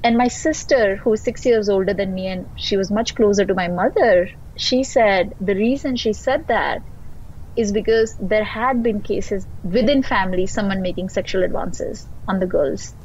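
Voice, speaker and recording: A woman, a podcast guest, telling a deeply personal story in an earnest, reflective way. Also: normal speed, breathy edge. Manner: reflective, earnest, voice wavering with emotion. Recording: dull lo-fi sound with soft music.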